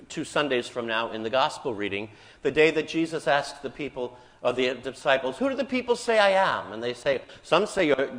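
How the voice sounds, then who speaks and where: Priest preaching in an echoing church. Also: male voice, medium pitch, a bit bright. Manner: storytelling, acting out quoted lines with raised voice. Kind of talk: sermon. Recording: church hall reverb.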